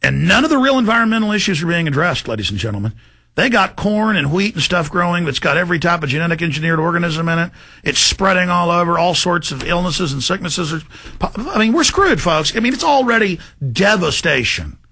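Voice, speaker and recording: Gravelly ranting male talk host. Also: high-pitched, sing-song, a little fast. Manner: ranting, shouts in bursts, addresses folks directly. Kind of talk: impassioned monologue.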